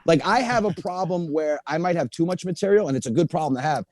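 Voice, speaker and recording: A male comedian guest telling animated family stories in a studio interview. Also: fairly high pitch, fast talker, noisy background. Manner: animated storyteller. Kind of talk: studio interview, comic storytelling.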